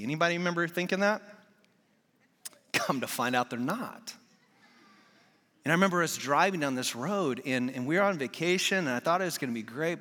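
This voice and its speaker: Male guest preacher, 40s, bright and forceful tone, casual storyteller, long church-hall reverb. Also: medium pitch. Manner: candid, conversational storytelling. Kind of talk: sermon.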